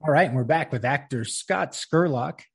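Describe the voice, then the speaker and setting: A man's voice: mid-range voice, moderate pace, vocal fry, slightly rough. A man hosting a casual interview, chatty, with many fillers and frequent laughs. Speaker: interviewer, filmmaker.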